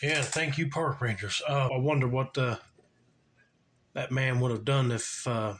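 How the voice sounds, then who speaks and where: A man's voice: mid-range voice, measured pace, a bit bright, slight background noise. A man reacting to a story in a casual, chatty way, with fillers and short laughs. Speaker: reaction video host. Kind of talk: casual commentary.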